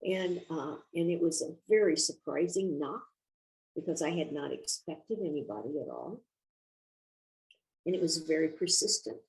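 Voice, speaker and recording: An older woman, a guest author, telling a personal story in a reflective, measured way during a casual interview. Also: low-pitched, expressive, a little mellow, rough recording.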